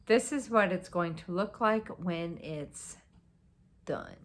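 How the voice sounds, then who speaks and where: Chatty, excitable woman vlogger. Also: lowish voice, slow, slight background noise. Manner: chatty, rambling, excitable, swears casually. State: tired and yawning. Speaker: cross-stitch vlogger. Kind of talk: casual show-and-tell chat.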